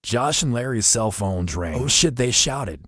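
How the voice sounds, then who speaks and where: A man narrating a first-person story in a steady, matter-of-fact reading voice. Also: medium pitch, a little slow, dry recording, studio quality.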